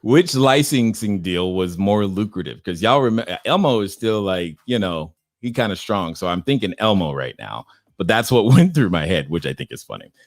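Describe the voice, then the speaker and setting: A man's voice: low-pitched, normal speed, dry recording, clean studio sound. A middle-aged man hosting a casual livestream, reading viewer questions aloud and riffing on them with easy chuckles. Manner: relaxed, chuckling, reads questions aloud and riffs. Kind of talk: casual live-stream chat.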